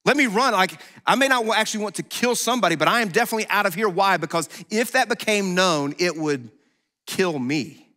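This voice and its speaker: A man pastor preaching a sermon in a conversational, animated way, acting out quotes as he goes. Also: sits high, a little fast. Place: church sanctuary. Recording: long hall reverb.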